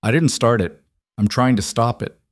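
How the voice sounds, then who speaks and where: A man voicing a stubborn frontier town marshal who speaks quietly and firmly. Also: medium pitch, moderate pace, no room sound, clean studio sound, natural voice. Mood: defiant. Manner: quiet, firm.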